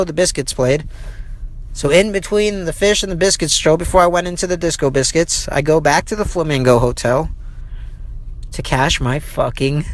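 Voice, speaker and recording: A man's voice: high-pitched, fairly bright tone. Male podcaster, profane, rambling, gets heated ranting. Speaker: podcast host. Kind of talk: recorded travel diary monologue.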